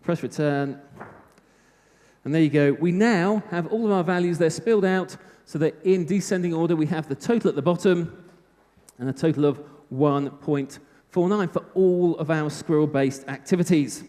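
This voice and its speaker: A man's voice: a little high, moderate pace, mellow. A British man giving a live technical talk at a conference, chatty with self-mocking humor. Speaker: conference speaker. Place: conference hall. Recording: reverberant hall.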